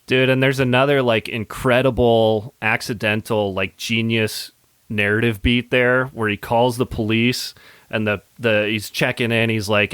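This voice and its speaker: A man's voice: medium pitch, little pitch movement, measured pace, a bit bright, clear, resonant tone, no echo. A man co-hosting a podcast, talking about a movie with enthusiasm, saying "dude" and "like" often and laughing. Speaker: podcast co-host. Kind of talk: casual movie discussion.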